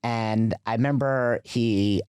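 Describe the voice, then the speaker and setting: A man's voice: medium pitch, takes it slowly, clean tone, no room sound, studio quality. A man as a podcast guest, telling a story in a casual, chatty way with lots of fillers. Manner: chatty, filler-heavy, animated retelling.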